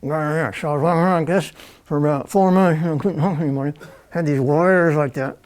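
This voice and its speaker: A man telling a personal story to a live audience, animated and laughing, acting out other people's lines as he goes. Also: a little high, moderate pace. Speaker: spiritual speaker.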